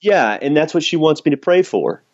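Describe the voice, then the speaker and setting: A man's voice: on the high side, sing-song, moderate pace, a little mellow, dry recording, highs cut off. A man telling a personal story in a casual conversation, candid and self-deprecating, laughing now and then. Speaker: podcast guest.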